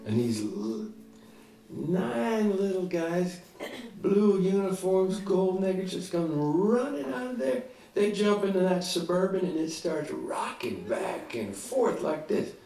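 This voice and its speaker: Man, live storyteller, folksy and animated, lively pitch, roomy venue, distant mic, audience laughing. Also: takes it slowly. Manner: animated, folksy, acts out voices. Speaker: songwriter telling a story on stage. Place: small live music listening room.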